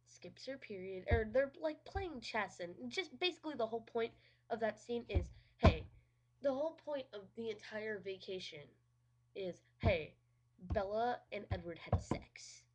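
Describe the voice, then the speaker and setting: Woman ranting about a movie, kinda high voice, super sarcastic, swears a lot, says like every other word. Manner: sarcastic and profane, heavy use of "like". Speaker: movie reviewer. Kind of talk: casual rant-style movie review.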